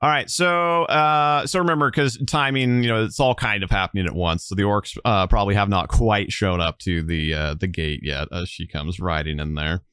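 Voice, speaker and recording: Male game master, low smooth voice, loose rambling narration. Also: fairly even intonation, moderate pace, few pauses, a bit bright, no echo, clean studio sound. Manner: rambling, many fillers.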